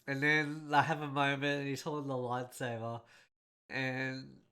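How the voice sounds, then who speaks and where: Guy with a stuffy nasal voice rambling about a movie, all emotional, mid-pitch. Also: level tone, measured pace, bright, forceful tone. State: congested, nasal voice. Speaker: host. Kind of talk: casual film breakdown.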